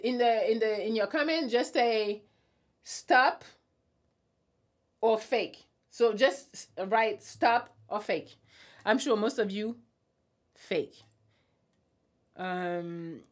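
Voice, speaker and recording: A young adult woman hosting a casual live stream, reading out viewer comments and answering them bluntly with a teasing tone. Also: medium pitch. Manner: blunt, teasing, laughs often.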